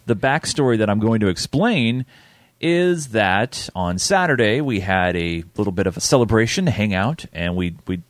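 A man's voice: lowish voice, expressive, moderate pace, no room sound. A man in his thirties hosting a podcast, rambling a little and laughing easily, on a close desk mic. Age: 30s. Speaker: podcast host. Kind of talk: casual chat.

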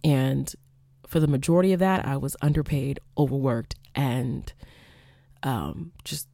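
A woman's voice: very deep voice, measured pace, vocal fry, no echo, studio quality. Candid, profane young woman telling a story. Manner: profane, animated, acts out quoted exchanges. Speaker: podcast host, former college teacher.

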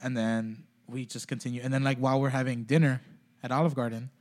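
A man's voice: medium pitch, fairly even intonation, quick pace, a little mellow. A man in casual podcast chat, rambling with lots of filler words and swearing.

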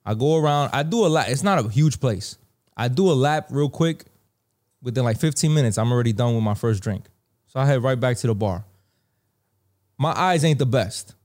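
A man with a New York accent telling a casual story, slangy and animated, acting out the dialogue. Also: mid-range voice, moderate pace. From New York (Bronx).

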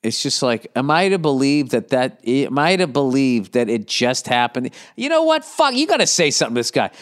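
A man's voice: mid-range voice, sing-song, normal speed, few pauses. Blunt, foul-mouthed man giving advice. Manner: profane, blunt, rambling. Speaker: podcast host answering listener questions. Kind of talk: casual advice chat.

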